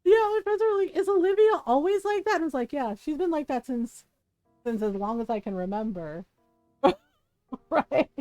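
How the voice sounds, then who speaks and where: A woman streamer chatting casually while she plays a game, laughing often and retelling a story with lively quoted voices. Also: fairly high pitch, normal speed, long pauses, no room sound. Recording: dry close mic with faint game music.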